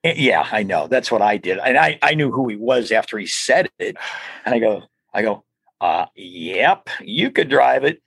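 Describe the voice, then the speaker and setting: A man's voice: on the low side, big pitch swings, moderate pace, vocal fry, a bit bright, husky, no echo. An older man, a podcast guest, telling stories in a rambling, casual way full of restarts and asides. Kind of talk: casual storytelling interview.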